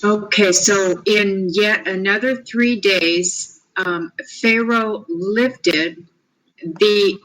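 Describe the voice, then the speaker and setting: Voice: mid-range voice, drawn-out words, fairly bright tone, rough recording. A student translating a text aloud in a lesson, careful and hesitant.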